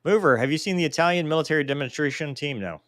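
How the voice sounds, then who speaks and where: A man's voice: on the high side, fast, no room sound, clean studio sound. Joking man reading viewer questions. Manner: joking, self-deprecating, animated. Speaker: host answering viewer mail. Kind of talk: casual live Q&A chat.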